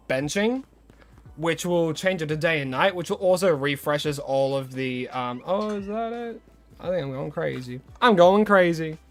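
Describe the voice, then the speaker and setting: A man with an Australian accent chats loosely through a live game stream, greeting viewers and catching his own slips as he goes. His voice sits somewhat high. Faint game music plays quietly under him. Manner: chatty, greets viewers, rambles and corrects himself. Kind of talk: casual live-stream chat while playing.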